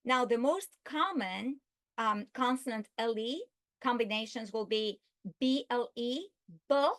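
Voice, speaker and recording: Woman teaching phonics slowly, kinda high voice, drawn-out example words. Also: a bit bright. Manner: slow, deliberate, stretches example words. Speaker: literacy instructor. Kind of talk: instructional video lesson.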